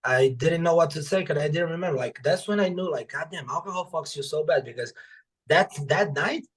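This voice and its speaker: A man's voice: a little high, fairly quick. A young adult man, a podcast guest and author, telling casual stories with plenty of swearing and acted-out dialogue. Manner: animated, profane, acts out quoted dialogue. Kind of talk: casual storytelling in conversation.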